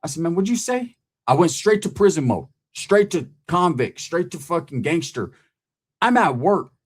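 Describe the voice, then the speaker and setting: A man's voice: on the high side, sing-song, normal speed, slightly rough. Profane storytelling man, keeps asking "right?". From California. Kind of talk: casual storytelling.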